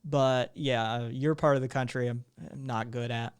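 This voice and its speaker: Rambling male streamer with a smooth voice. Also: mid-range voice, steady tone, moderate pace. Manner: rambling, many fillers and restarts. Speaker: streamer host. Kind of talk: live stream talk.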